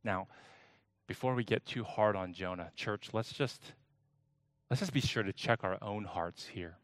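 In a studio-quality recording with no echo, a pastor with a lowish voice delivers a sermon to his congregation. He moves slowly and deliberately through a scripture passage, voicing the quoted lines with dramatic emphasis.

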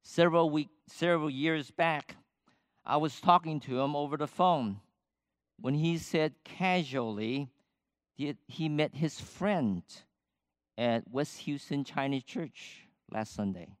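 An older man preaching a sermon, slow and measured, with emphatic rises on key points. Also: a little high, dry recording, studio quality. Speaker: pastor.

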